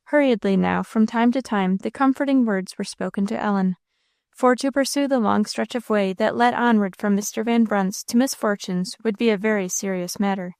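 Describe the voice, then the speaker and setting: A woman's voice: medium pitch, smooth, no room sound. Woman narrating an audiobook, dry sound. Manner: steady, measured storytelling.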